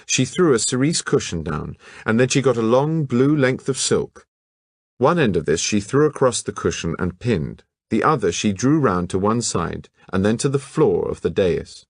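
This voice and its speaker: A man narrating a novel as an audiobook in measured, even storytelling. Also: lowish voice, no echo, clean studio sound.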